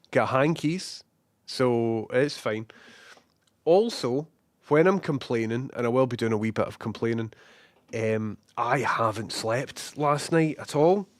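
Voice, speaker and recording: A young Scottish man with a slightly hoarse voice from a cold, casually chatting as a live streamer and greeting viewers by name. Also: medium pitch, no room sound.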